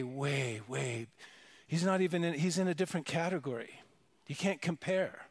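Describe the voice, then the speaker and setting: During a church worship service, a man with a rather high voice preaches earnestly and emphatically, often repeating words and starting phrases over.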